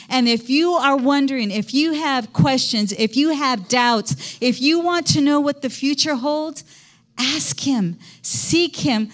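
A woman's voice: high voice, unhurried. A middle-aged woman pastor preaching a conversational sermon in a church, quizzing the congregation as she goes.

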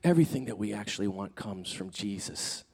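A man preaching a sermon as pastor, animated and conversational, acting out quoted speakers, swinging between loud emphatic peaks and soft, hushed asides. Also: fairly low pitch, a little fast, gravelly, slightly rough. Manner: conversational, with fillers and restarts.

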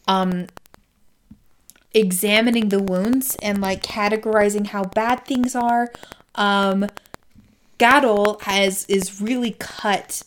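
A woman's voice: medium pitch, slight background noise. A woman co-hosting a casual podcast, recapping a book chapter with lots of "um" and "like" and quoting the characters as she goes. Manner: retells scenes with acted quotes, many fillers.

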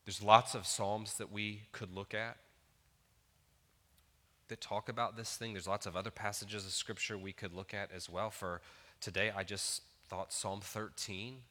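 A man's voice: lowish voice, level tone, a little slow, bright, forceful tone, big-room sound. A man in his thirties preaching a sermon in an earnest, conversational way, building to emphatic peaks. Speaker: pastor.

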